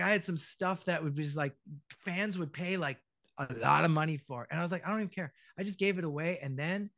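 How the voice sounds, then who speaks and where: A middle-aged man with a fairly high voice tells stories on a podcast, acting out every quote and swearing freely. The sound is close and dry, with no room around it. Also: no room sound. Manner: animated storyteller, acts out quotes, swears freely. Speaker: podcast guest, voice actor. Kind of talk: casual podcast chat.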